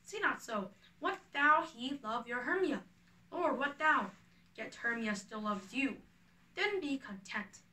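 A woman's voice: high-pitched, expressive, measured pace, pushed and bright, roomy sound, far from the mic, full character voice, low-quality recording. A woman reading a lovesick, spurned young woman. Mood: pleading. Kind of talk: reading a play aloud.

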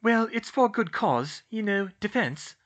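A man's voice: animated, moderate pace. Man doing an eager young witch. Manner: raised pitch, bright and urgent.

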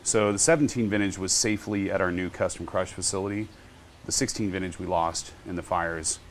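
A winemaker appearing as a guest winery owner tells stories in a casual podcast interview, speaking a little fast in a voice that sits low. He's an animated storyteller who acts out what others said, and there's a little hiss or hum.

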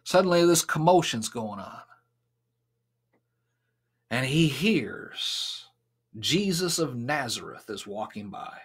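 A man's voice: mid-range voice, animated, slow pace, pauses often, slightly rough. A man preaching a sermon and retelling a scripture story with dramatic, emphatic delivery. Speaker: pastor.

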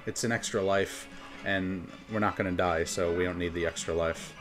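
A man's voice: low-pitched, fairly even intonation, moderate pace. A man from New York with a New York accent, chatting casually as a game streamer and rambling between topics. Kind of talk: casual gameplay commentary. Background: faint game music.

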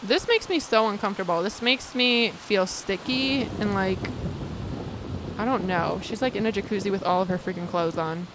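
A woman giving casual, excitable commentary over her own gameplay, chatting with viewers and reacting dramatically. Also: mid-range voice, normal speed, noisy background. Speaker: gaming video creator.

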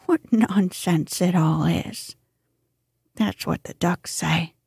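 A woman's voice: lowish voice, takes it slowly, a little mellow, no room sound, studio quality, exaggerated voice. A woman whispering the part of a cheerful, good-natured male water rat in a storybook, as whispered role-play, eager and hearty in manner. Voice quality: breathy whisper.

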